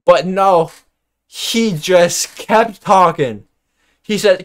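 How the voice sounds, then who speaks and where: A young man with a high voice, telling a casual story on stream. Animated and exasperated, he swears freely, with faint music playing underneath. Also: very slow.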